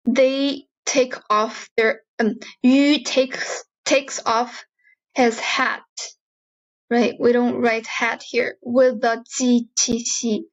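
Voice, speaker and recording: High-pitched chinese-accented lady teacher, repeats each sound slowly twice. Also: lo-fi sound. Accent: Mandarin Chinese. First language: Mandarin. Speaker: Mandarin teacher. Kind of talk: slow pronunciation drill lesson.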